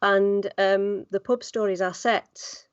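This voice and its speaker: A woman's voice: mid-range voice, steady tone, takes it slowly, clear, resonant tone, dry recording, dull audio. A woman voice actor chatting casually on a podcast, with many fillers. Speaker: guest voice actor.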